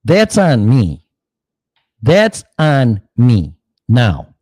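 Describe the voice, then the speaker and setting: A man's voice: mid-range voice, huge pitch swings, drawn-out words, a little mellow, no room sound. A man hosting a show, delivering a blunt, heated political monologue full of swearing and mocking asides. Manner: blunt, heated, swears often, mocks opponents in put-on quotes. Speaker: podcast host.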